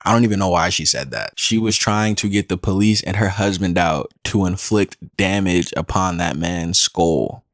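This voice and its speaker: Low-voiced male reaction host, dry close sound, blunt and accusing delivery. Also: normal speed, few pauses, no echo. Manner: blunt, accusing, repeats "she's lying". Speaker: commentary host. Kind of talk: reaction commentary.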